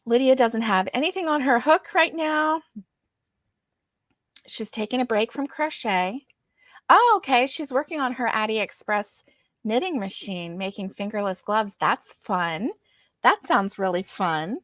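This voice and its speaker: A woman's voice: fairly high pitch, animated, unhurried, fairly bright tone, no room sound, clean studio sound. A woman hosting a casual crochet livestream, reading viewer comments aloud and greeting each viewer by name.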